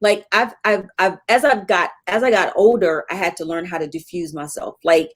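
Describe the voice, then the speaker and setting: A woman's voice: on the low side, steady tone, moderate pace, husky. A middle-aged woman telling a candid personal story as an interview guest, with many fillers.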